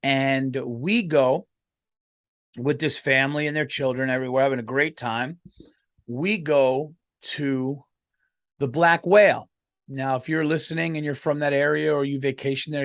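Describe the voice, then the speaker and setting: A man hosting a podcast, telling a story as a comedic rant in an indignant, profane way. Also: medium pitch. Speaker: podcast host.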